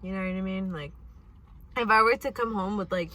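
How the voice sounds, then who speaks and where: A woman's voice: medium pitch, a little fast, heavy background noise. A young woman casually telling a story, swearing and laughing often while eating. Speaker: host. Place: indoors at home, eating.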